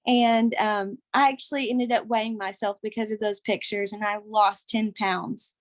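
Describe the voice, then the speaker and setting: A woman's voice: medium pitch, fairly even intonation, moderate pace, no room sound. A young woman telling an emotional, rambling testimonial on a group call, close to tears. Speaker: caller sharing a testimonial.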